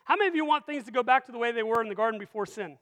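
A pastor with a high voice preaches a sermon in a church sanctuary, talking very fast and with great energy. He keeps firing rhetorical questions at the congregation, and the large hall gives the recording a long reverb.

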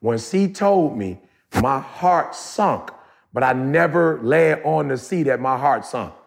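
A man co-hosting a podcast, telling a story in a casual, animated way, talking straight to his listeners in colloquial speech. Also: medium pitch, slow, creaky. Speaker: podcast co-host.

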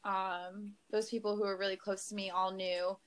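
A young woman talks casually on a podcast at a middle pitch, her story full of fillers and quick laughs. She comes across as relaxed and conversational. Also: clear, resonant tone, low-quality recording. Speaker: podcast guest. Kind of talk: casual chat.

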